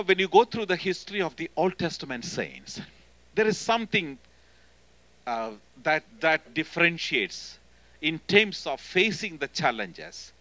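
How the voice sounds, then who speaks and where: Bright-voiced Indian-accented preacher. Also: male voice, a little high, dry recording, rough recording. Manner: emphatic, often calling "hello?" to the congregation; swings between loud and hushed delivery. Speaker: guest preacher. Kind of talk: sermon. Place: church.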